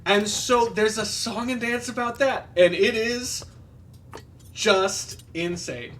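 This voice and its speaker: A man's voice: high voice, takes it slowly, a bit bright, recorded from a distance. A man casually retelling a movie plot while playing a game, rambling with lots of fillers and quoted lines. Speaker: podcast co-host.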